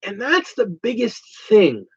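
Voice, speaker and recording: Male host, expressive and chatty, ranting casually over a muffled, lo-fi recording. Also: sits high, unhurried, breathy edge. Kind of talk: casual chat. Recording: dull lo-fi sound.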